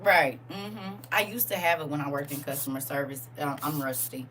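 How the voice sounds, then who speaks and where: A woman's voice: low voice, steady tone, moderate pace, a bit bright, far from the mic, a little hiss or hum. A woman leading a casual livestream reading, playful and joking with her chat and laughing often.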